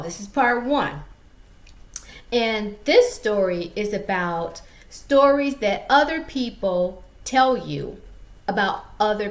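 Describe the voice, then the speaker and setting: A woman's voice: mid-range voice, echoey room. A woman author telling a casual story-time vlog, chatty and addressing viewers directly.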